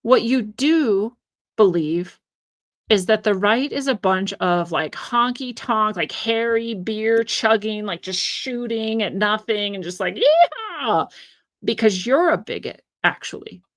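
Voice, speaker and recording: A woman's voice: mid-range voice, unhurried, few pauses, a bit bright. A woman giving an opinionated solo commentary, indignant and sarcastic, hammering her points with emphasis. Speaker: political commentator.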